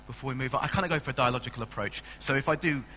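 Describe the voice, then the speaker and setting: A man's voice: mid-range voice, very fast, sharp tone, slight background noise. A man preaching a sermon in a church hall on a stand mic, chatty and self-mocking as he tells stories. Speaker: pastor.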